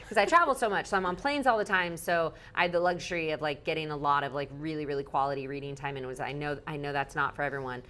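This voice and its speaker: A woman, a guest speaker talking in an animated interview, peppering her speech with "like" and acting out quotes. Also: sits low, fast, few pauses. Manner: bubbly, heavy use of "like", acts out quotes.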